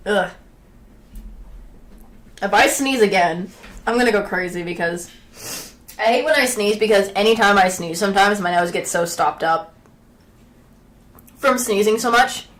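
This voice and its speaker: A woman chatting on a live stream from home, drifting from thought to thought with plenty of fillers and restarts. She stops now and then to clear her throat or sneeze. Her pitch sits in an ordinary middle range. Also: measured pace, long pauses. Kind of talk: casual chat stream.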